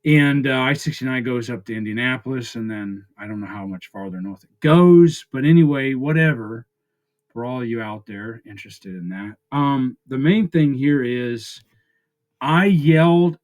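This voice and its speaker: Man, 40s, tearful, halting, raw confessional vlog talk. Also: mid-range voice, darkish tone. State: tearful, close to breaking down. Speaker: vlogger. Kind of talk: emotional personal vlog. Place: his friend's house.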